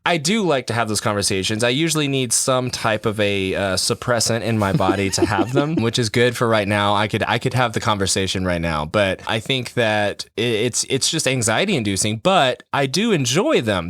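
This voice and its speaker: A man's voice: medium pitch, expressive, a little fast, hardly any pauses, a bit bright, no room sound, clean studio sound. A man chatting on a podcast in a rambling, self-mocking way, often breaking into laughs. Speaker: podcast co-host. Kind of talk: casual podcast chat.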